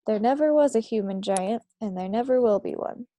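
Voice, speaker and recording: A woman reading aloud, voicing a huge, kindly, very old male giant who mangles his words earnestly and a little loudly. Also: on the high side, fairly quick, natural voice. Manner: garbled grammar, loud and earnest.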